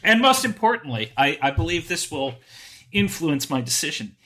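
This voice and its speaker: Guy hamming it up as a fake judge, bright voice, slow and grand. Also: a little high, big pitch swings. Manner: theatrical, mock-solemn questioning. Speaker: judge on a comedy podcast panel. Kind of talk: casual comedic panel chat.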